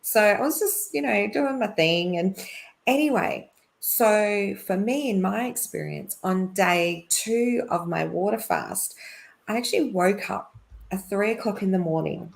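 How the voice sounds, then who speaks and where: A middle-aged woman, a podcast guest, telling a personal story in a chatty way, with lots of fillers and quick laughs. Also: mid-range voice, creaky. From Australia. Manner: chatty, laughs often, many fillers and restarts.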